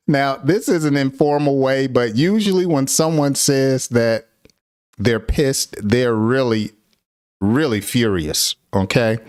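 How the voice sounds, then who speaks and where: Middle-aged man, relaxed English teacher, slow delivery, laughs a lot, acts out example lines. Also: mid-range voice, dry recording, clean studio sound. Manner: easygoing, laughs often, acts out angry example phrases. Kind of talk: casual spoken lesson.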